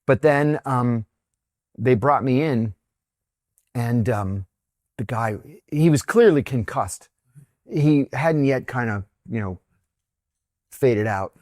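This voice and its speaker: A man's voice: mid-range voice, slow pace, pauses often, dry recording. Candid man telling stories in a dry room. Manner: candid, animated anecdote-teller who acts out quotes. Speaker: interview guest, former intelligence officer. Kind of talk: conversational storytelling.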